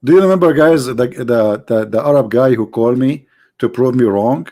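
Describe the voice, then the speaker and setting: A man's voice: medium pitch, normal speed, mellow. A man hosting a live-streamed debate who talks in a mocking, sarcastic and theatrical way. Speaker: debate host.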